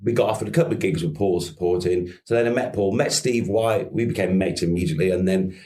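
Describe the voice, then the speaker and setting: A middle-aged man from Merseyside speaks with a Scouse accent and a fairly low voice. He is a musician guest on a podcast, telling long anecdotes loosely, laughing often and swearing casually. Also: quick pace, dark tone. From Merseyside, England. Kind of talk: podcast interview.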